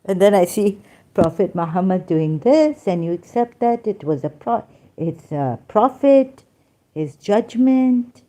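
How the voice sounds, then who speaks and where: A woman's voice: medium pitch, expressive, a little slow, mellow. A woman in pain giving an emphatic, rambling lecture, scolding her listeners. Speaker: religious critic. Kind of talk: lecturing monologue.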